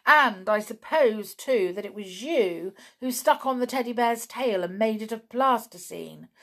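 Woman doing stern toy clown, storybook, slow, gravelly. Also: fairly low pitch, animated. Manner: fierce and scolding. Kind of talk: storybook reading.

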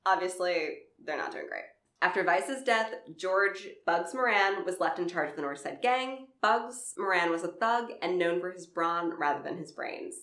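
A woman's voice: lowish voice, moderate pace, reverberant. Profane laughing Southern woman co-host. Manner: profane, laughs often, animated. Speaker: podcast co-host. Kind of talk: casual true-crime podcast chat.

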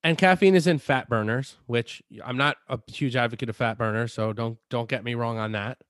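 A man's voice: mid-range voice, fairly quick, a bit bright, no echo. Man explaining supplements in dry sound. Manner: explanatory, talks through supplement advice with restarts. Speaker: fitness podcast co-host. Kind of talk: casual chat.

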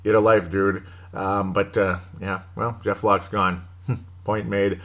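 A man's voice: lowish voice, little pitch movement, takes it slowly, a bit bright. A man hosting a casual solo sports show, rambling through team news with wry asides and chuckles. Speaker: sports podcast host.

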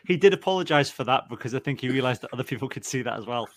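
Male host, talks quickly, relaxed self-mocking chat. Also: mid-range voice. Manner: chatty, self-deprecating, quick-talking. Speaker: podcast host. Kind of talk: casual chat.

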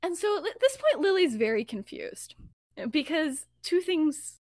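A woman's voice: very high voice, big pitch swings, measured pace, darkish tone, dry recording, studio quality. A young woman hosting a podcast, casually retelling fan fiction in a chatty, giggly way with lots of fillers. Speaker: podcast host.

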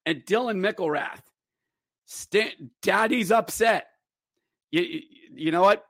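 Excitable man recapping hockey on a podcast. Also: high voice, slow pace, vocal fry, no room sound, clean studio sound. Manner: excitable, jokey, acts out players' voices with sudden loud shouts. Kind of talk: animated solo sports recap.

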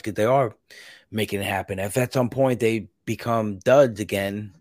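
A man's voice: on the low side, normal speed, darkish tone, no room sound, clean studio sound. A man hosting a podcast in casual chat, rambling and restarting his sentences with laughs in between. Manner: rambling, self-interrupting, laughs between thoughts. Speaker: podcast host.

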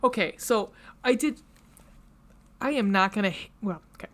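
A woman's voice: mid-range voice, animated, normal speed. A woman co-hosting a casual chat, enthusiastic, swearing freely and laughing often. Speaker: podcast co-host.

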